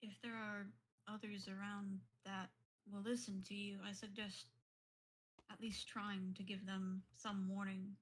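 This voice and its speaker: Woman player in a tabletop session, in character, calm and measured, faint noise behind. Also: medium pitch. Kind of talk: in-character role-play.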